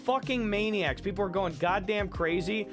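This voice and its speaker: A man hosting a livestream in casual chat, telling stories in an excitable, profane way. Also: sits high, normal speed. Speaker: livestream host. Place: home streaming room. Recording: music playing behind.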